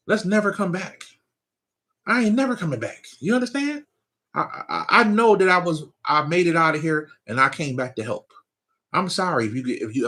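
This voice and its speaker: A man's voice: medium pitch, fairly bright tone. A man, giving a casual, loose spiritual talk to his viewers, often asking if they follow him. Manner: loose, conversational preaching with frequent laughs and "you know what I'm saying". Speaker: spiritual teacher.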